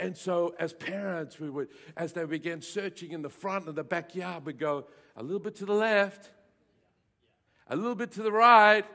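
A male pastor preaching a lively sermon to his congregation, with playful asides and bursts of raised voice. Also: high-pitched, creaky. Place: church hall with congregation.

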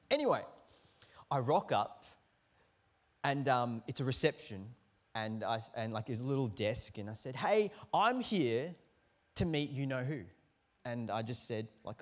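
A man, preaching a sermon as a lively storyteller who acts out the quotes in his anecdotes. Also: medium pitch. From Australia. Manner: animated storyteller acting out quotes, lively swings in loudness. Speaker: pastor.

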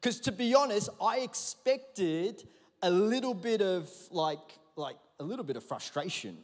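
A pastor preaches in a big church hall, his voice sitting a little high for a man. He tells his story in an animated, chatty way and calls the congregation to answer back. Long reverb trails after every phrase. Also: unhurried. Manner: lively, conversational, with audience call-and-response. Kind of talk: sermon with storytelling. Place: large church auditorium.

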